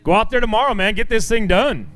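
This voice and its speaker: High, clear-voiced male weigh-in emcee. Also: animated, fast, fairly bright tone. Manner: upbeat, joking banter with anglers. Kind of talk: live weigh-in announcing. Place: outdoor fishing tournament weigh-in.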